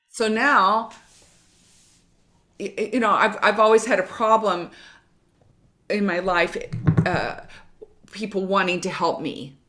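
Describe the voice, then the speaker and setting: A woman's voice: medium pitch, slow, pauses often, pushed and bright. A middle-aged woman from Kentucky, a jazz singer, chatting casually as a guest and telling stories with many restarts. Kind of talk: casual chat.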